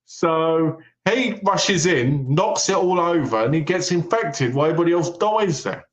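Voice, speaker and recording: An animated man retelling a film's plot in casual chat and acting out its lines as he goes. His voice sits a little high for a man and carries a roomy echo. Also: moderate pace. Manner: animated storyteller, retells plots with quoted lines. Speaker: podcast co-host. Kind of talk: casual film-review chat.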